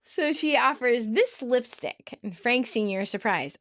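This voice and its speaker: Giggly, animated woman podcast host. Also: on the high side, a little slow, dry recording, clean studio sound. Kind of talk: casual recap chat.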